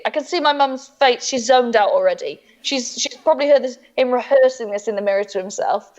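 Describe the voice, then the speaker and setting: A woman comedian telling a funny personal story, animated and laughing through it, acting out the voices of the people in it. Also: high voice, fairly quick, few pauses, muffled recording. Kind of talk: comic storytelling.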